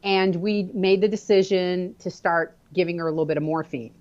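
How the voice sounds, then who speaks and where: A woman guest telling a personal story in an animated, expressive way during a conversation. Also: on the low side, moderate pace, muffled recording.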